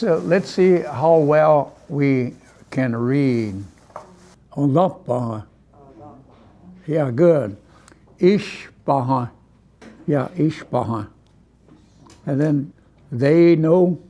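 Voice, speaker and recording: Gravelly man teaching a language class. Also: on the high side. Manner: relaxed, repeats words slowly for students, chuckles.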